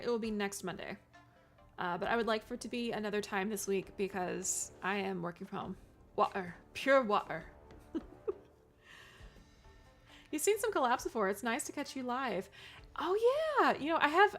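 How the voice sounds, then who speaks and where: A woman's voice: mid-range voice, expressive, fairly quick, a bit bright, soft background music. A woman streamer chatting casually with her live chat, giggly and self-deprecating, often restarting her words. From California.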